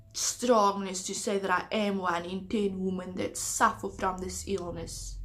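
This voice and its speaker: A woman's voice: medium pitch, fairly bright tone. A young woman talking to camera in a personal storytime vlog, hesitant and earnest. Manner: hesitant, earnest confessional talk. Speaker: vlogger.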